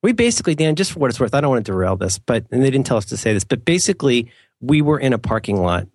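A man chatting loosely as a podcast co-host, wandering off on tangents and poking fun at himself. He slips into mock-formal phrasing for jokes. The sound is dry and close, at a middling pitch. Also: expressive, fast talker, no room sound. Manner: rambling, self-mocking, playful mock-formal asides. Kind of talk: casual chat.

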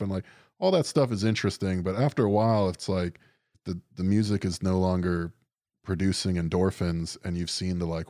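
A man's voice: low voice, fairly even intonation, normal speed, warm tone, no room sound, studio quality. A young man chatting casually on a podcast, rambling and sardonic, swearing often and leaning on fillers. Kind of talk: casual chat.

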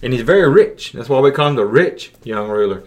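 A man's voice: medium pitch, animated, brisk. Folksy man preaching a podcast sermon. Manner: folksy, repeats words when restarting. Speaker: youth pastor podcast host.

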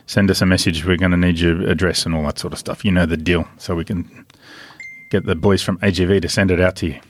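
A man's voice: low voice, fairly even intonation, fast talker, dry recording. A man co-hosting a podcast, talking casually and swearing while telling stories. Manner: laid-back, swearing storyteller. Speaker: podcast co-host. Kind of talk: casual chat.

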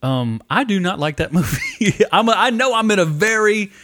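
A man hosting a podcast, trading quick, profane, joking banter in casual chat. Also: sits high, wildly swooping pitch, background noise. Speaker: podcast host.

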